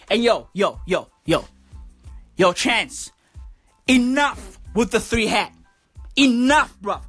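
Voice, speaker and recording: A woman doing a comic rant, animated and profane, full of slang. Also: sits high. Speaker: comedy vlogger.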